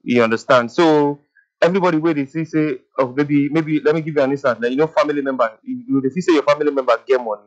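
A man's voice: fairly high pitch, quick pace. A man with a Nigerian Pidgin accent calling in to a radio show, earnest and giving advice. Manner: earnest, advice-giving, repeats "you understand". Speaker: caller. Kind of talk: call-in radio chat. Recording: muffled phone line.

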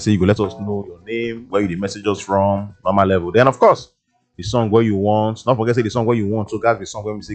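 A man with a Nigerian Pidgin English accent, hosting a casual radio show in a studio, chatty and playful, with many fillers. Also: fairly low pitch. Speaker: radio DJ host. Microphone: studio mic.

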